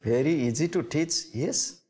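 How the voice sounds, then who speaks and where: A man giving a spiritual lecture, speaking slowly and deliberately and repeating key words. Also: fairly high pitch, dark tone. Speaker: spiritual teacher. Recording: long hall reverb.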